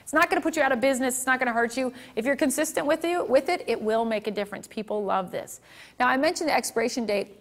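A middle-aged woman photographer teaches a workshop in a high, fast voice. She's chatty and candid, telling stories during the seminar and asking the audience questions.

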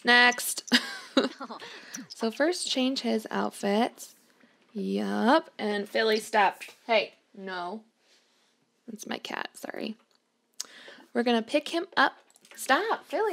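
A woman's voice: on the high side, animated, takes it slowly, gravelly, long pauses, fairly bright tone. A woman chatting casually as she plays a life-sim game at home, laughing often and talking to the characters on screen. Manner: chatty, giggly, talks to her game characters. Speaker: gameplay streamer. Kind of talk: casual let's-play commentary. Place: home room.

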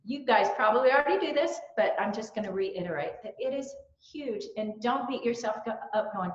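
A middle-aged woman with a Southern US accent, telling stories in a lively way at a church training. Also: a little high, fairly quick, hardly any pauses. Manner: lively storyteller, animated quotes and laughs. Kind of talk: church talk with personal stories. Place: church hall. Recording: roomy, dull-sounding church recording.

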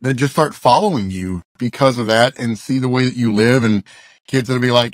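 A man's voice: mid-range voice, normal speed, no echo. A man from Arkansas, a musician and youth speaker, telling a story in a casual interview. He is loose and chatty and acts out the dialogue he quotes.

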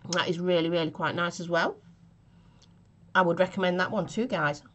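A woman's voice: on the low side, fairly even intonation, moderate pace. Chatty woman reviewing vape flavours. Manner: chatty, giggly, self-mocking. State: recovering from a chest infection, coughing. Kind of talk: casual review vlog.

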